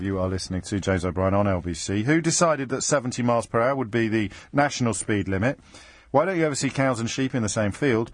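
A man hosting a radio phone-in, bantering quickly with callers and often cutting himself off mid-phrase. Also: fairly low pitch, no echo. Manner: quick, teasing, self-interrupting. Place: radio studio. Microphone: studio microphone.

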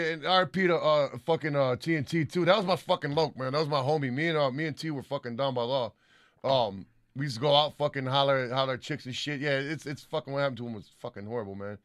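A man's voice: mid-range voice, no echo, studio quality. A man co-hosting a podcast, joking crudely and reading out fan comments in casual chat. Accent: American. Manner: loud crude joking, slurred swearing. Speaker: podcast co-host.

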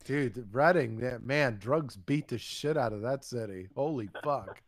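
A man's voice: medium pitch, a little slow, no room sound, clean studio sound. A young man in casual chat, rambling with many fillers and crude jokes.

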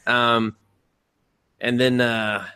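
A man's voice: medium pitch, flat delivery, drawn-out words, pushed and bright, clean tone, no echo. A man hosting a podcast, recapping a show in rambling casual chat full of fillers and swearing. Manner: rambling, filler-heavy and profane. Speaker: podcast host.

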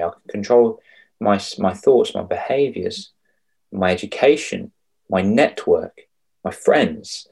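Emotional, animated man, low voice. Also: slow, gravelly, slightly rough. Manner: emotional, animated storytelling with many restarts. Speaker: confidence coach guest. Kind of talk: casual podcast interview.

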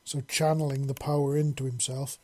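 Man, story narrator, mellow tone, husky, earnest. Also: mid-range voice, flat delivery, fairly quick. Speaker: audiobook narrator.

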